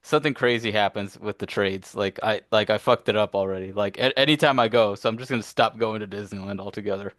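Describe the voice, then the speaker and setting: A man's voice: lowish voice, steady tone, quick pace, hardly any pauses, a bit bright, no room sound, clean studio sound. A young man co-hosting a casual sports podcast, laid-back, laughing and swearing casually. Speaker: podcast co-host. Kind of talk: casual chat.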